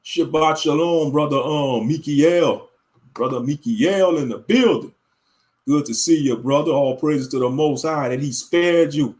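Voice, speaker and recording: A man leading a fervent spoken prayer with a repeated cadence, then talking in loose, animated casual chat as a religious commentator. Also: on the high side, unhurried.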